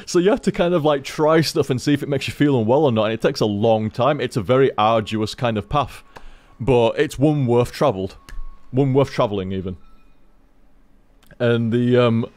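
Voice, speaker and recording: A man's voice: medium pitch, normal speed, darkish tone, no room sound. A man streaming from home at his computer, rambling casually to viewers, swearing freely and repeating himself. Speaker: game streamer.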